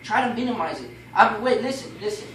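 A man teaching a baptism class in a casual, animated way, often asking "okay?" and "you know?". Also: high-pitched, a little fast. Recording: echoey room, mic far off, faint noise.

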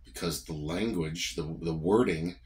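A man's voice: sits low, measured pace, a little mellow. A man with a Southern US accent giving a morning devotion, preaching in an emphatic, repetitive, conversational way. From American South.

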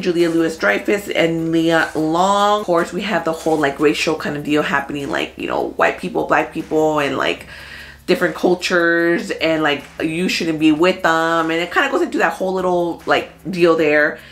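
A woman's voice: low voice, moderate pace, a bit bright. A young woman chatting casually to her viewers as she recaps the movies she watched, full of fillers. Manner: chatty, filler-heavy, talks straight to viewers. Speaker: movie review vlogger.

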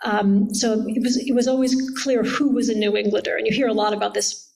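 A woman's voice: fairly high pitch, steady tone, fairly quick, vocal fry, darkish tone, rough recording. Articulate woman author, thoughtful and digressive. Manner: thoughtful, digressive, many fillers and restarts. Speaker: author interviewed about her biography. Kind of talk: conversational interview at a public event.

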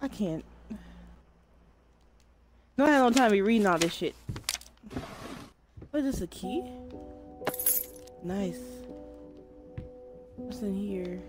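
A woman's voice: medium pitch, lively intonation, slow pace, pauses often. A woman streamer playing a horror game, jumpy and frightened, swearing and talking back to the game. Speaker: gaming streamer. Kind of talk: horror game let's play. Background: loud game music.

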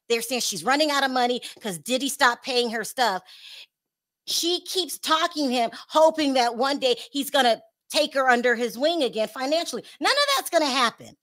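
A woman with a fairly high voice runs a celebrity gossip show. She talks bluntly and animatedly, often turning to speak straight to the stars she is discussing. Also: a bit bright. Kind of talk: casual commentary to camera.

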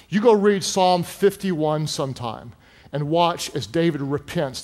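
A man preaching a sermon as pastor, telling stories with lively delivery that builds to shouted emphasis. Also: a little high. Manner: animated storytelling, rising to shouts. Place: large church hall. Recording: long hall reverb.

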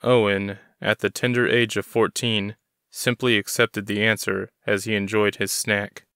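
Low, smooth male narrator. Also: level tone, unhurried, a bit bright, no echo, clean studio sound. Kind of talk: audiobook reading.

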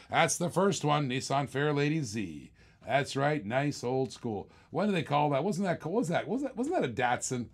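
An older man hosting a live-stream toy car auction, chatty and enthusiastic, repeating himself as he shows each car. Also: a little high. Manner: enthusiastic, chatty, repeats lines while showing cars.

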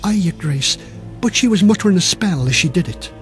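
A man voicing a spiteful, gossiping village woman who tattles in a hushed, conspiratorial way. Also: sits high, expressive, fairly quick, soft background music. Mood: sly.

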